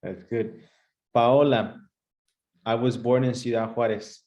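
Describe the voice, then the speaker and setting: A male English teacher with a mid-range voice who leads the class at a brisk pace. He moves quickly from student to student and hands out praise as he goes. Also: mid-range voice, fairly even intonation, a little mellow. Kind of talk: playful classroom sketch.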